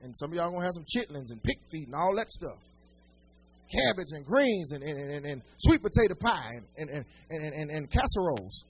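A man's voice: on the high side, big pitch swings, a little fast, slight background noise. A male pastor preaching a sermon, speaking right to his congregation with folksy humor and repeated, building phrases.

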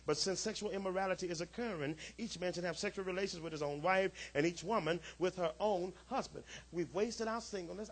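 A man a sermon as pastor, calling out to the congregation and swinging from quiet asides to shouts. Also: a little high, gravelly, husky. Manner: call-and-response preaching, rising to shouts.

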